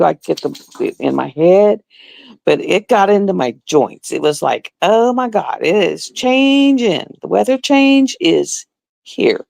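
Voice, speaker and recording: Chatty woman on a livestream, kinda gravelly fry in her voice, dry close sound, does little voices for people she quotes. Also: mid-range voice, a little mellow, no echo. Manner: chatty storyteller, acts out quotes. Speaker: livestream host. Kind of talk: casual chat with viewers.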